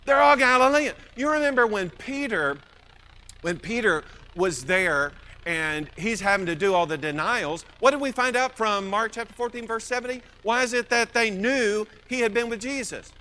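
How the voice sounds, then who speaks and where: A man's voice: high voice, moderate pace, poor audio. A man with a Mississippi accent teaching through a Bible passage, asking his listeners questions and answering them himself. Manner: animated, poses rhetorical questions and answers them.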